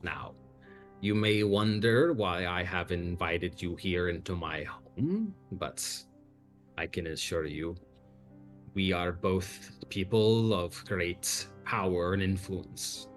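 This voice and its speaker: A man voicing an imperious male vampire count, formal and measured in a tabletop game. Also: deep voice, faint music behind. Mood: courtly.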